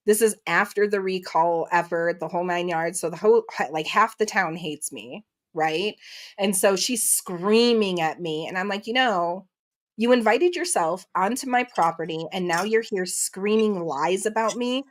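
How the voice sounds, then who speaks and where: A woman's voice: mid-range voice, normal speed. A woman, likely in her thirties, telling a story in casual chat, acting out quotes and swearing freely. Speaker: guest.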